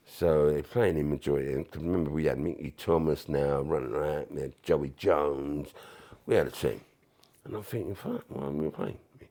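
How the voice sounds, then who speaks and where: A former footballer recounting his playing days in a casual interview, animated and full of swearing, often acting out what others said. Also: very deep voice, normal speed. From England. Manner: animated, swearing, acts out quoted voices. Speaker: former footballer, podcast guest.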